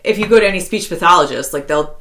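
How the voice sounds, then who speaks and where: Chatty woman in her thirties, lower voice. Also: expressive, fast talker, a bit bright, slight background noise. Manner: chatty, laughs often, heavy use of like as a filler. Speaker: podcast co-host. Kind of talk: casual conversational podcast chat.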